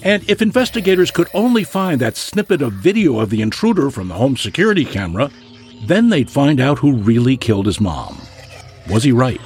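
A man narrating a true-crime news story with a dramatic, measured delivery. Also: medium pitch, big pitch swings, a little mellow.

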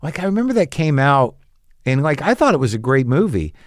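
A man's voice: medium pitch, very animated, a little fast, no room sound, clean studio sound. A man hosting an interview podcast, chatting casually and agreeing often with short replies. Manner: agreeable, frequent short backchannels. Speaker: podcast host.

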